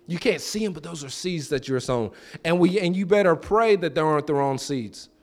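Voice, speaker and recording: Animated preacher man with lively delivery. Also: a little fast. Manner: storytelling with acted-out quotes and repeated phrases; animated, pitch jumps high for quoted voices. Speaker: pastor. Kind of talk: sermon. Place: church.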